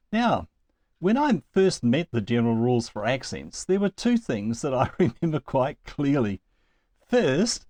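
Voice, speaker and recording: Guy teaching greek, lively up and down voice, stretches words out slow, little chuckles. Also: medium pitch, no room sound. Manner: slow, deliberate over example words, with chuckles. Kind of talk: recorded lecture.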